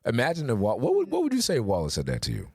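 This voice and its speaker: A man's voice: mid-range voice, wildly swooping pitch, rapid-fire, vocal fry, husky, no room sound, clean studio sound. A man in his thirties co-hosting a podcast, talking candidly and with emphasis in casual conversation. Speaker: podcast co-host.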